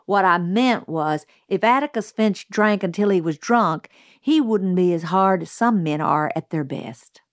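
A woman voicing a wise, kindly older neighbor woman who speaks in a measured, gently firm way. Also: medium pitch, lively intonation, no echo, studio quality, lightly acted.

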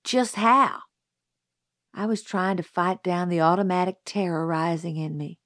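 A woman reading a novel as an audiobook narrator in a steady first-person storytelling way. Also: fairly low pitch, moderate pace, no room sound, clean studio sound.

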